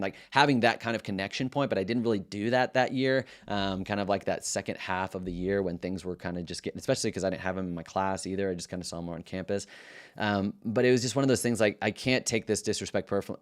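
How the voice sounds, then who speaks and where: A male middle school teacher shares classroom stories in a relaxed, reflective way. His voice sits on the low side, and he trips over his words and restarts them as he thinks aloud. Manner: earnest and reflective, loose with many restarts. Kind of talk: casual storytelling to camera.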